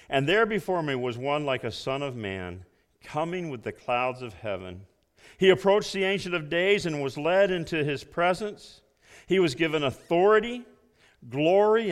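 A man preaching a sermon, emphatic, swinging between loud emphasis and hushed low passages. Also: smooth, long reverb tail. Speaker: pastor.

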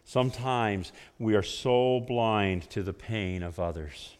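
A man's voice: fairly low pitch, slow, clear, resonant tone. Earnest male preacher in a reverberant hall. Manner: earnest, swells loud then drops to hushed tones. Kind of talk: sermon with told stories.

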